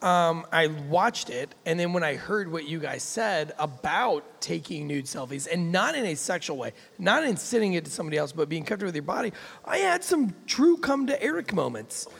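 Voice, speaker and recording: A man's voice: on the high side, expressive, a little fast, gravelly, few pauses, fairly bright tone, long reverb tail. A young man hosting a podcast, chatting crudely, joking and rambling. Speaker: podcast host. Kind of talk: crude casual chat.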